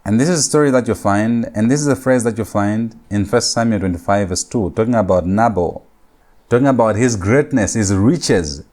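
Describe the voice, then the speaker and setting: A man lecturing on Hebrew grammar, talking deliberately, repeating key points and slowing down to spell out Hebrew words. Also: fairly low pitch, a little mellow. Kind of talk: recorded classroom lecture.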